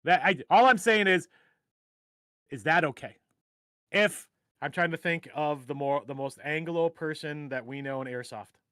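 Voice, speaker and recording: A middle-aged man hosts a casual live stream in a slightly high voice. He rambles, jokes at his own expense and circles back on his thoughts. The sound is dry and close. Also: normal speed, a bit bright, no room sound. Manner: rambling, joking, self-deprecating. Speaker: host.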